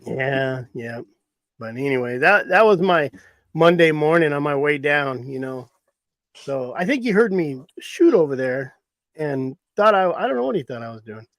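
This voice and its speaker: A man's voice: on the high side, big pitch swings, normal speed, no echo. A middle-aged man, rambling through a hunting story in a folksy way and laughing at it himself. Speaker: hunting guide. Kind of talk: casual storytelling.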